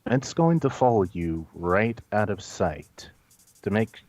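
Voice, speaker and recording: A man narrating a tabletop game as game master in a measured, descriptive way. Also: fairly low pitch, big pitch swings, a little mellow, dry recording.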